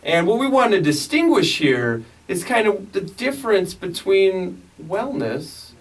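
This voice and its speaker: Guy hosting a podcast, high voice, kinda far from the mic, lots of uhs. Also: very animated. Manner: laid-back, drawn-out "uh" fillers. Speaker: podcast host.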